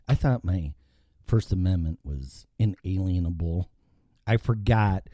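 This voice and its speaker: A man's voice: sits low, unhurried, warm tone, no echo. A man hosting a live opinionated talk show from an indoor studio, rambling and swearing freely. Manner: profane, rambling and ranting.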